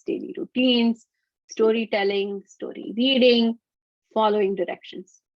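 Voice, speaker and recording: Woman webinar presenter, bright higher voice, upbeat teacher, dry lo-fi call audio. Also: dry recording. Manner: upbeat, explanatory, playful. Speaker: webinar presenter on auditory skills. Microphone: computer mic on video call.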